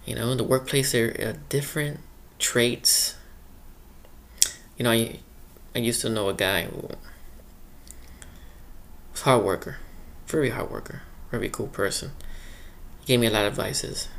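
A man hosting a one-man comic monologue about the workplace, chatting casually and acting out coworkers in quick quoted bits. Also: medium pitch, fairly even intonation, creaky, fairly bright tone. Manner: chatty, acts out quoted coworkers, laughs at own stories. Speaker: one-man show host. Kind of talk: rambling comic monologue about work life.

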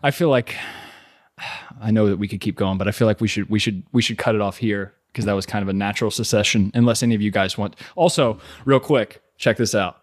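A man's voice: on the low side, a little fast. A man hosting a podcast in casual chat, laid-back, laughing a lot and swearing freely. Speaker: podcast host.

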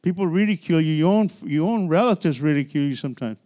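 A man's voice: on the high side, expressive, fast talker, dark tone. A man pastor preaching a midweek church sermon in a conversational style, with frequent restarts and call-and-response. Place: church sanctuary.

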